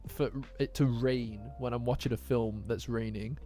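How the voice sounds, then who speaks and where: Young English guy, casual streamer, jokey and sweary, quiet lo-fi music bed. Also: mid-range voice, fairly even intonation, moderate pace, hardly any pauses. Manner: laughing, jokey, swears freely. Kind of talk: casual live-chat commentary. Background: faint lo-fi music.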